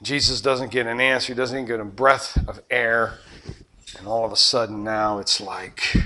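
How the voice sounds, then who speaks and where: Animated bright-voiced male preacher. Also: medium pitch, normal speed, slight background noise. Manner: animated, acting out scenes, shifting volume. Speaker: pastor. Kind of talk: sermon.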